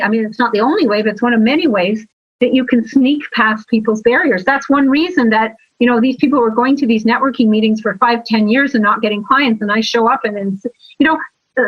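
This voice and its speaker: A woman guest talking about sales and marketing in a lively interview, telling stories with emphatic, animated asides. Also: fairly high pitch, breathy edge, dry recording. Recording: slightly dull, lo-fi sound.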